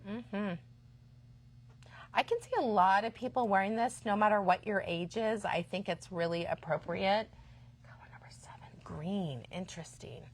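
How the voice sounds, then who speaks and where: A woman's voice: mid-range voice, moderate pace, a little hiss or hum. Chatty woman hosting a yarn shop live. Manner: chatty, enthusiastic, often drops to a quiet aside. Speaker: shop host. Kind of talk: live-stream product chat.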